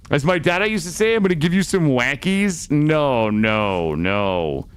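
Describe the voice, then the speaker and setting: A man's voice: medium pitch, big pitch swings, moderate pace, few pauses, smooth. Chatty man streaming games. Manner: swearing, chatty, swings between loud and muttering. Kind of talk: casual gameplay chat with viewers. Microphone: studio microphone.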